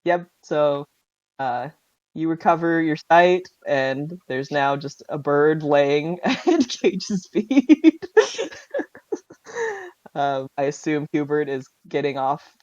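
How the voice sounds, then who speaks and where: Man, game master for a tabletop game, slow and giggly, dry muffled lo-fi sound. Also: on the high side, expressive, a little mellow, no room sound. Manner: laughs often, rambling explanations.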